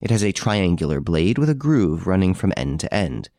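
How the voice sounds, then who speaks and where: A man reads an audiobook, voicing a cool, menacing middle-aged ex-detective whose speech is dry, hard, and precise, with a cold, assured mood. His low voice is warm and sing-song at a moderate pace, recorded with no room sound.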